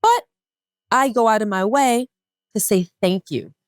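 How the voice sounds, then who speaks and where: A woman co-hosting a podcast in casual chat, expressive and quick to laugh. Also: a little high, no echo, studio quality. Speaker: podcast co-host.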